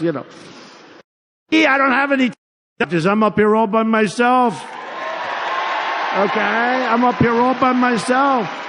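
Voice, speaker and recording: An older man delivering a rambling, repetitive rally speech to a crowd, with mocking asides. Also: sits high. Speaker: political candidate at a rally. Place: large arena with a crowd. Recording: long hall reverb from a PA.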